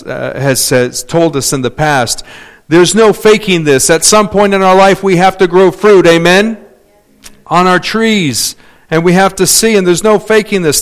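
A man preaching a sermon, calling out for amens and hallelujahs, swinging between loud emphatic points and quiet asides. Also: fairly high pitch, smooth. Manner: animated, calls for amens and hallelujahs.

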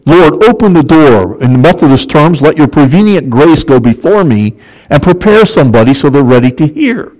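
A man's voice: fairly high pitch, lively intonation, a little fast, darkish tone, rough recording. A man preaching a sermon in a conversational way, often checking in with the listeners with "okay?" and repeating words as he goes.

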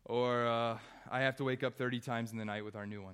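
A man's voice: medium pitch, steady tone, a little fast, fairly bright tone, smooth. Earnest young man preaching a sermon. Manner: earnest, conversational preaching with wry asides. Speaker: pastor.

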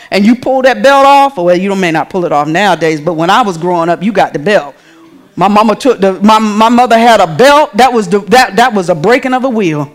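A woman's voice: mid-range voice, lively intonation, a little fast. A woman, preaching a sermon in a church in a conversational way, calling out to the congregation.

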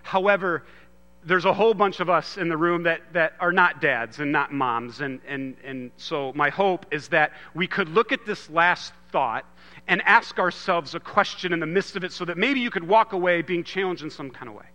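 A man in his thirties giving an earnest sermon, moving from loud emphasis to hushed storytelling. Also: on the high side, moderate pace, long reverb tail. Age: 30s. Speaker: pastor.

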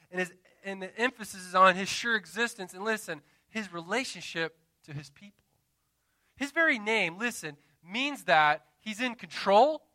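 A man in his thirties preaching a sermon with passion, dramatic pauses and call-and-response asides to the congregation. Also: high voice, sharp tone, no room sound. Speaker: pastor. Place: church.

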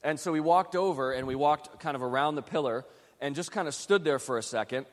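Storytelling pastor in a reverberant hall. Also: male voice, a little high, fairly quick. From Western New York. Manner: chatty, self-deprecating, restarts often. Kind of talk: sermon storytelling.

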